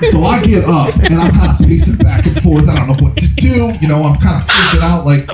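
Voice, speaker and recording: A man in his thirties doing stand-up storytelling, animated and laughing through his own tale in a small live venue. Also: on the high side, fast talker, few pauses. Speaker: storytelling comedian. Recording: echoey room with faint noise.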